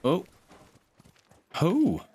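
A man live-streaming a game, chatting casually and excitably with his viewers from a home setup. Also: high voice, drawn-out words, husky. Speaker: gaming streamer.

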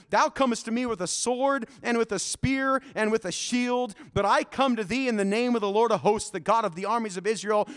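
A male pastor preaching a sermon in a church, telling Bible stories in an animated, folksy way. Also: extremely high pitch, clear, resonant tone.

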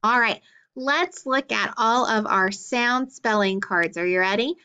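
A woman teaching a phonics lesson to children, spelling out letters and sounds clearly and praising often. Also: a little high, measured pace, sharp tone. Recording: dull lo-fi recording.

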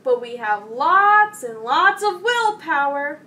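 A sensible young male frog, patient and calm as he explains things, played by a woman reading a storybook. The voice is high and bright and unhurried. It is picked up from a distance with faint noise behind. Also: full character voice.

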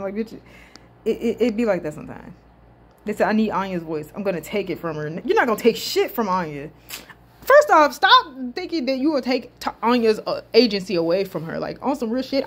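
A woman from the southern United States giving casual reaction commentary, swearing freely and stuttering as she rambles. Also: a little high. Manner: animated, swearing, laughing, stuttering.

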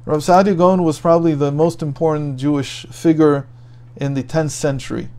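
A man's voice: on the high side, fairly even intonation, normal speed, warm tone. A man telling a story in a daily Torah lesson, thinking aloud and restarting his phrases as he goes. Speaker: Torah teacher.

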